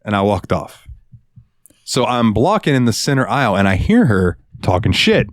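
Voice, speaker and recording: A man co-hosting a podcast, telling a work story in an animated, profane, casual way. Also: on the low side, normal speed, no echo, clean studio sound. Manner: animated, profane, swings into voices. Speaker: podcast co-host.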